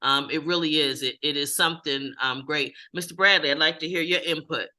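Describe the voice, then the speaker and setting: A support group facilitator talks calmly and reflectively, affirming what others share. The voice is very bright and forceful, sitting in a middle range. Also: mid-range voice, brisk.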